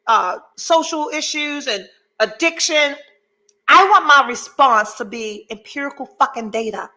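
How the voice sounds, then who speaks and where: A woman's voice: high-pitched, sharp tone, low-quality recording. A middle-aged woman hosting a podcast, giving a candid motivational monologue, blunt and profane, emphatic, with rambling asides. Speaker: podcast host.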